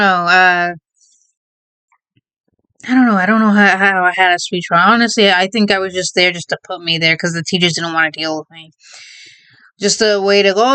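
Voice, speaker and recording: A woman's voice: fairly low pitch, brisk, pushed and bright, smooth, no room sound. Breathless rambling woman vlogger. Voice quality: mild stutter. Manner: rambling, self-correcting, laughs often. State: out of breath, holding in a sneeze. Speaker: video creator. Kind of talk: casual vlog chat.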